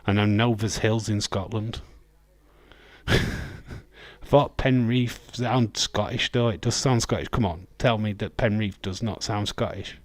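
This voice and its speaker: Here a man from Yorkshire, England, provides casual live commentary on wrestling, bantering with viewers and laughing readily as their messages come in. His voice is on the low side with fairly even intonation, moving at normal speed with few pauses and no room sound.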